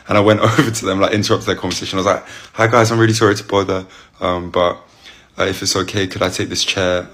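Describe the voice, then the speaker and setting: A young Englishman tells stories to camera in a low voice with vocal fry and a fairly bright tone. He is chatty and rambling, full of fillers, lots of "like", and restarts.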